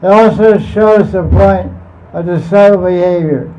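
High-voiced man telling a devotional story. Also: measured pace. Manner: rambling, chuckling, frequent restarts. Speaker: storyteller, spiritual teacher. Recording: muffled lo-fi recording.

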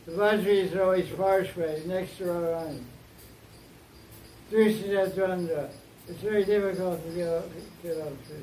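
A man's voice: high-pitched, fairly even intonation, moderate pace, darkish tone, roomy sound, a little hiss or hum, poor audio. A man teaching an informal scripture class outdoors, telling the story with playful asides. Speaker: spiritual teacher.

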